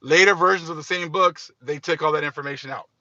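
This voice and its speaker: A man's voice: a little high, quick pace, sharp tone, no echo, dull audio. A man hosting religious commentary, speaking emphatically and repeating his points. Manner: emphatic, repetitive. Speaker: host.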